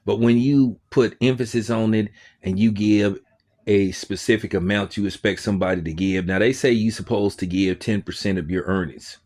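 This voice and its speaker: A man with a fairly low voice talks in a loose, conversational way, like an informal commentary show. He tells his story with energy and acts out the remarks of others as he goes. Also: normal speed. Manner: conversational, animated storytelling with quoted asides. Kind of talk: casual spoken commentary.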